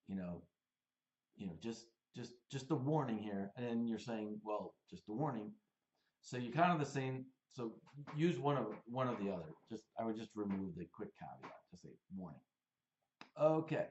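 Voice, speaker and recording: Guy picking apart sales copy, lowish voice, lots of ums, echoey dull room. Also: animated, normal speed. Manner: conversational, many fillers and restarts, blunt opinions. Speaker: host reviewing sales copy. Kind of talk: casual screen-share critique.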